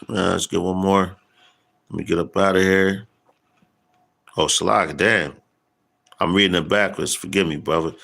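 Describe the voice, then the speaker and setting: A man preaching in a casual street style, slangy and profane, stopping to read scripture verses slowly with emphasis. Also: deep voice, creaky, fairly bright tone.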